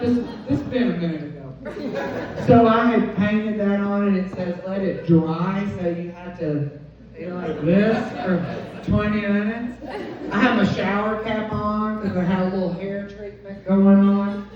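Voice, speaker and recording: Woman telling stand-up stories, echoey. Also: mid-range voice. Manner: animated, acts out quoted voices. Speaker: comedian. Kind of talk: stand-up storytelling. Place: comedy club stage. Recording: dull, distant, echoey club recording.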